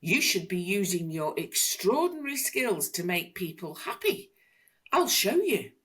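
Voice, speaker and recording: A small, kind male hero from a children's picture book, clever and cheerful, as a woman puts him on while reading. He speaks in a bright, lilting way with big leaps in pitch. The delivery is unhurried. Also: big pitch swings, slightly rough, exaggerated voice. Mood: eager.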